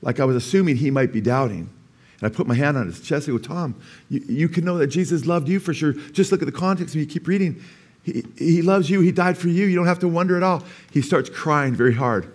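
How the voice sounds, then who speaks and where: Animated preaching pastor, male. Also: fairly high pitch, fairly quick. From California. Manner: animated storytelling, rising to emphatic preaching, asks the congregation "amen?". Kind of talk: sermon.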